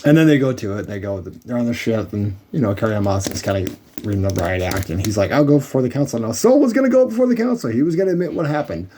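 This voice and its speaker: A man's voice: fairly low pitch, big pitch swings, fast, mellow, slight background noise. A man recapping a TV episode in a casual, rambling and sarcastic way, with many fillers. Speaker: show reviewer.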